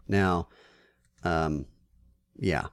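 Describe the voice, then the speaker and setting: A man's voice: sits low, drawn-out words, clear, resonant tone, dry recording. A man co-hosting a podcast with his wife, chatting in an easygoing, rambling, reflective way. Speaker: podcast co-host. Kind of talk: casual chat between spouses.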